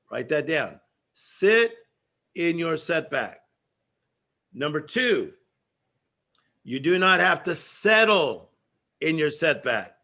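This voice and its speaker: A man's voice: on the high side, sharp tone. A man giving a motivational stage speech, emphatic and rhythmic, repeating phrases for effect. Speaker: motivational speaker.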